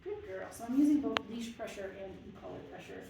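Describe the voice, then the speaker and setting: A woman dog trainer speaks with a fairly high voice, keeping her commands hushed and low while calmly explaining her method. She is picked up from a distance in a very echoey room. Steady background noise sits behind her voice. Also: fast talker. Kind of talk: live training demonstration with commentary.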